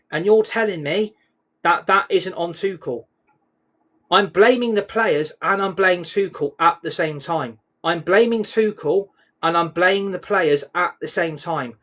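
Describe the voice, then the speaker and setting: A man's voice: sits high, unhurried, fairly bright tone. A man ranting angrily on a live stream reaction, swearing, repeating himself and reading viewer comments aloud. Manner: angry, repetitive ranting with swearing.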